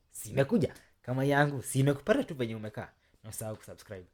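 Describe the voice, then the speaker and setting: A man with a Kenyan accent telling a story to his viewers in an animated, chatty way, speaking straight to his audience. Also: medium pitch. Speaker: storytelling channel host.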